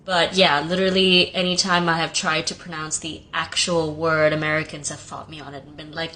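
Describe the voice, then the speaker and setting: A woman with a lowish, bright-toned voice talks to camera. She sounds exasperated and resigned. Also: level tone, fairly quick, hardly any pauses, low-quality recording. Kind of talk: casual talk to camera.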